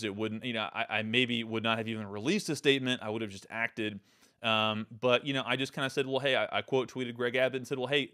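A man's voice: mid-range voice, bright, forceful tone. A man hosting his own show, talking through political commentary in an emphatic, loose way, often restarting and repeating words. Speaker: podcast host.

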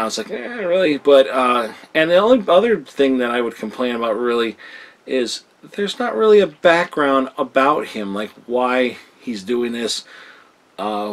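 A young man talking casually to camera, reviewing films in a rambling way with many fillers and repeated words. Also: medium pitch. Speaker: film reviewer.

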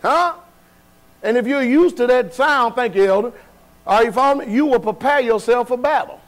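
A man with a high-pitched voice preaches a sermon in a church. He talks in a folksy, everyday way and keeps asking the congregation questions. His delivery is call-and-response. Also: normal speed. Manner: folksy, colloquial. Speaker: pastor. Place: church sanctuary.

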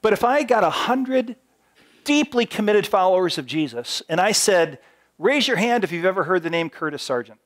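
A man preaching a sermon in an animated, storytelling way, swinging between loud and soft. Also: sits high, moderate pace. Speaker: pastor.

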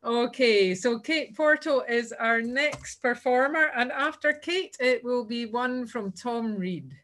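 A woman's voice: on the high side, slow, fairly bright tone. A woman host casually introducing the next performers at an online folk club.

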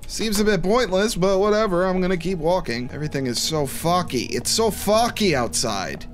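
Playing a horror game, a young commentator chatters to himself and gets jumpy along the way. His voice sits high and sounds animated at a moderate pace, with faint music underneath.

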